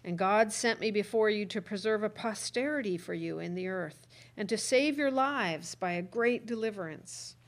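A woman reading scripture aloud in a measured, earnest way. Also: mid-range voice. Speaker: scripture reader.

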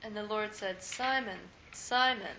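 A woman reading scripture aloud at a Bible study in a steady, measured way. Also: medium pitch. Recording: echoey room, muffled lo-fi sound, faint background noise.

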